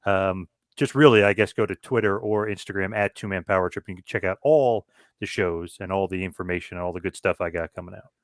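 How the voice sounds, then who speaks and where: Low-voiced man, dry close mic. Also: steady tone, no room sound. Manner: quick plugs of his shows. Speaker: podcast co-host. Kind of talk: casual podcast chat.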